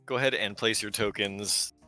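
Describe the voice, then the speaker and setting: A man narrating a tabletop game as game master, giving measured descriptions with casual asides. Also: fairly low pitch, fairly even intonation, sharp tone, faint music behind.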